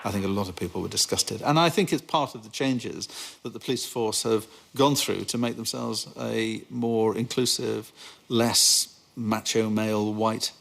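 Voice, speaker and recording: Low gravelly guy explaining how the hidden cameras worked. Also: normal speed, fairly bright tone, slight background noise. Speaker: documentary contributor.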